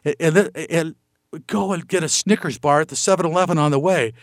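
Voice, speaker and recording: A middle-aged man gives a folksy motivational talk. His voice sits a bit high for a man and comes through dry and close, with no room around it. He keeps asking rhetorical questions and acts out the people in his stories. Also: brisk, no echo. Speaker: motivational speaker.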